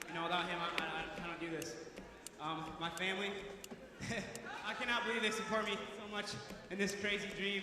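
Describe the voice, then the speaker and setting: A man giving a post-fight interview, emotional and near tears, gushing thanks to everyone around him. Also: sits high. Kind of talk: emotional victory speech. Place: arena cage, crowd behind. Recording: echoey arena from far off with crowd noise.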